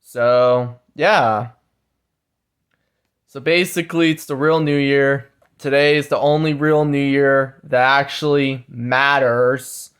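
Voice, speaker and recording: Slow, rambling vlogger man. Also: medium pitch, level tone, a bit bright, clean tone. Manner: meandering, repetitive fillers, frequent "guys" asides, preachy. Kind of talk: rambling monologue to camera.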